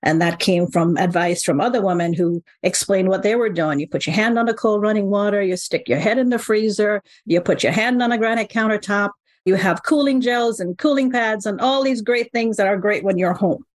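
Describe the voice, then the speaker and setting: Animated woman in her fifties, storytelling. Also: medium pitch, fairly quick, no echo. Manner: animated, exclamatory. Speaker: guest, co-founder. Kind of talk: conversational storytelling.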